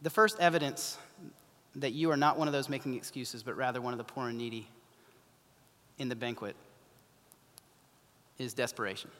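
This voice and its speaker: A man preaching a sermon, impassioned and urgent, then dropping to hushed pleading. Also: mid-range voice, fairly even intonation, normal speed, long pauses. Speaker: pastor. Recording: long hall reverb.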